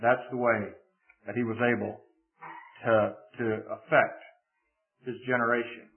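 A man's voice: mid-range voice, flat delivery, a little slow. A man preaching a sermon, lingering on single words for dramatic emphasis and reading scripture aloud. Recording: tinny phone-like recording.

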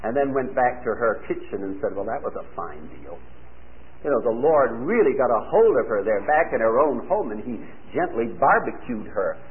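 A man preaching a sermon, telling folksy stories in an animated way. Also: mid-range voice, moderate pace, hardly any pauses, slight background noise. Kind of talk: sermon with anecdotes. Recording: tinny old radio broadcast.

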